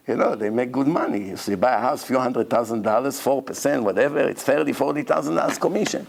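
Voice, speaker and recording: A rabbi gives a Torah lecture and tells a long personal story. His gravelly voice sits a little high and swings widely in pitch as he plays out the dialogue. He jumps between his own voice and the people he quotes. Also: a little fast. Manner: animated storyteller, acts out both sides of dialogues.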